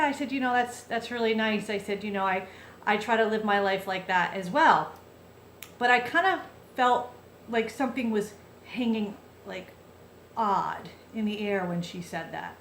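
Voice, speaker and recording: A woman's voice: mid-range voice, fairly bright tone, roomy sound, slight background noise. A woman vlogger telling a heartfelt personal story in a chatty, casual way, full of fillers and restarts.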